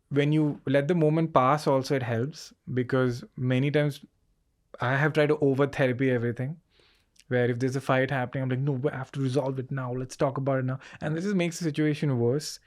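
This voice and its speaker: A comedian in a casual interview, animated and acting out both sides of his conversations. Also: medium pitch. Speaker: comedian guest.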